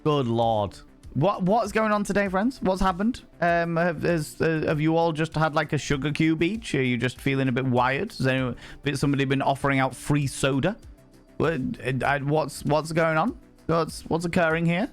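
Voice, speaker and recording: A man's voice: a little high, steady tone, normal speed, faint music behind. Playful man hosting a stream. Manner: playful, theatrical, swears freely, swings from shouts to hushed asides. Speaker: livestream host. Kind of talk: casual chat with viewers.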